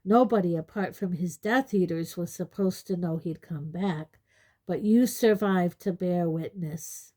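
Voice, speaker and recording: Woman doing an earnest grown man, calm explainer, slow, mellow, audiobook. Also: fairly low pitch.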